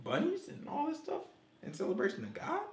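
Animated man preaching in an echoey room. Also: very high voice, brisk. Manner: animated, asks the group questions, repeats "you know what I'm saying". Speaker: teacher leading a Sabbath study. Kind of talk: casual preaching to a small group.

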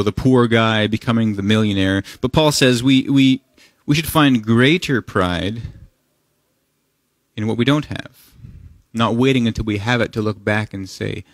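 A man's voice: fairly low pitch, no room sound. A pastor giving a conversational sermon. He asks the congregation rhetorical questions and reads scripture with mounting intensity. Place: church sanctuary.

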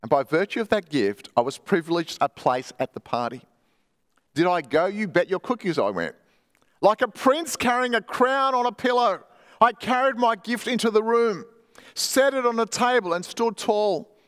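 High-voiced preaching man in reverberant church. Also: very animated, normal speed, a bit bright. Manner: emphatic preaching, reads quoted stories aloud. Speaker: pastor. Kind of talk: sermon. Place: church hall.

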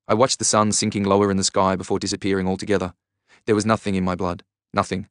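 A man's voice: low voice, little pitch movement, quick pace, fairly bright tone, clean tone, no room sound, clean studio sound. A man narrating a novel in the first person, in an understated way. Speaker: audiobook narrator.

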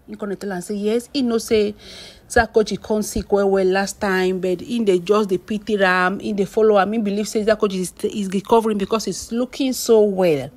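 A woman with a Nigerian accent telling celebrity gossip as a vlogger, animated and pleading with her listeners. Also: medium pitch. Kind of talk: gossip storytelling in pidgin.

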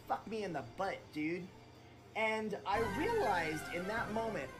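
A man streaming a video game, rambling and swearing loudly in casual commentary. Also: high-pitched. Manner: loud swearing outbursts, rambling.

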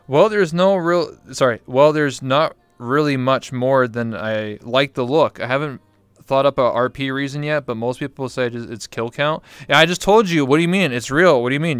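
Male stream host, smooth clear voice, dry close sound, crude and joking, swears a lot. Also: medium pitch, fairly bright tone, no room sound. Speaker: talk show host. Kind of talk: casual live-stream interview chat. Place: virtual reality chat stream.

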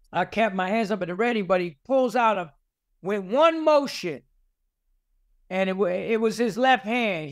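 A man tells street stories, swearing freely and acting out the fights. His voice sits high for a man and sounds smooth and clear. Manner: profane, animated street storyteller. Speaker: podcast guest. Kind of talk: casual storytelling.

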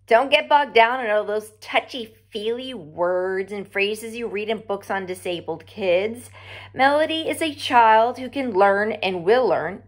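A woman's voice: mid-range voice, animated, a little slow, lightly acted. A woman voicing a blunt, firm middle-aged neighbor in a story read-aloud.

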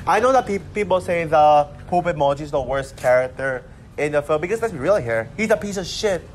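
A man's voice: a little high, expressive, fairly quick, slight background noise. A man giving an exasperated, rambling movie rant, swearing often. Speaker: movie reviewer. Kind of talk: casual rant.

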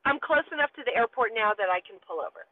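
Lively woman telling a story over a phone call from her car, sounds tinny and thin. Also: a little high, fast, a crowd in the background. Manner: animated, acts out voices in her story. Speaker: guest. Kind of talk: casual storytelling.

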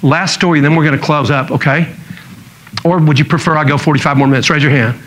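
A man's voice: fairly high pitch, steady tone, fast talker, fairly bright tone, a little hiss or hum, rough recording. A man preaching a sermon in a church, telling stories in a joking way and acting out the people he quotes. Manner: storytelling, jokey, acts out quotes. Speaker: pastor.

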